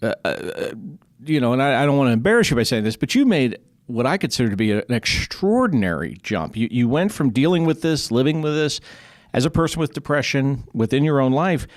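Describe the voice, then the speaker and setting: Brief: male interviewer, middle pitch, conversational, stumbles into questions. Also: sing-song. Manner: conversational, halting restarts. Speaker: podcast host. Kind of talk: podcast interview.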